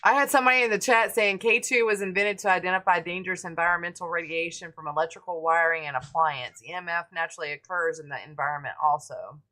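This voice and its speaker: Woman host, low-ish voice, casual, quick reactive exclamations. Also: steady tone, sharp tone. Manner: brief reactions, gasps and exclamations. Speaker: podcast host. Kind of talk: casual chat.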